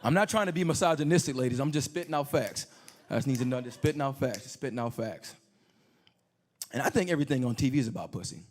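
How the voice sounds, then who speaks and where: A male stand-up comedian telling crude stories with animated delivery on a comedy club stage, into a handheld mic. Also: medium pitch, fast, slight background noise.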